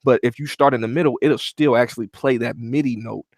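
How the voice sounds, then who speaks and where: A man co-hosting a podcast, explaining music software in a slangy, casual way with lots of restarts. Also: medium pitch, fairly even intonation, fairly quick, no room sound. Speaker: podcast co-host, producer. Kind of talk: casual chat about music production gear.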